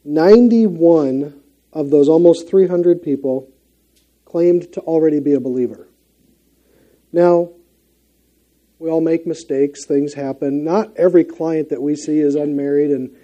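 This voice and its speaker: Minnesotan man preaching, mellow voice. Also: on the high side, a little slow, muffled recording. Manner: earnest, conversational, with frequent fillers and restarts. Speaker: guest preacher. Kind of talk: sermon.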